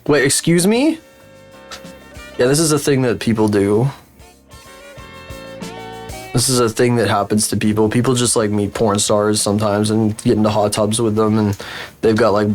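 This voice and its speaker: A man's voice: on the low side, level tone, normal speed, darkish tone, soft background music. A man with the flu, chatting casually on a livestream in a rambling, profane, incredulous way. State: sick with flu. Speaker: streamer.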